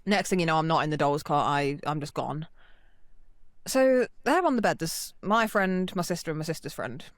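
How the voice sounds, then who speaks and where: Animated woman telling a story. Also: sits low, moderate pace, no room sound, studio quality. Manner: animated, swears freely, acts out quoted voices. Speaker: podcast co-host. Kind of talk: casual storytelling chat.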